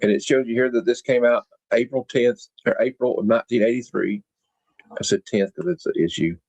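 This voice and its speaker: A man's voice: medium pitch, fairly even intonation, brisk, a little mellow, highs cut off. A man hosting a comic book podcast, casually reading a comic aloud and adding his own commentary. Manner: casual, reads dialogue with playful voices.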